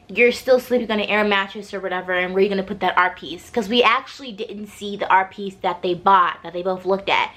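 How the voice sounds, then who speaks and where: A young woman recapping a TV episode in a chatty, animated way, with slangy asides to her viewers. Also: mid-range voice. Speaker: TV recap vlogger. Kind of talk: casual TV recap and review.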